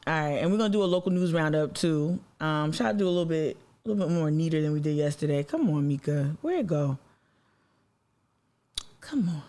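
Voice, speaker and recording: A man's voice: sits high, a little fast, clear, resonant tone. A man hosting a casual political livestream, talking loosely with many fillers and greeting viewers by name. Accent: Southern US. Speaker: livestream host.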